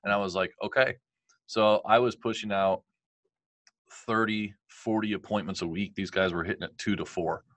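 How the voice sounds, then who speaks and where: A man's voice: lowish voice, fairly even intonation, moderate pace, fairly bright tone, no room sound. A man in his thirties, a guest telling a candid, rambling life story with frequent laughs.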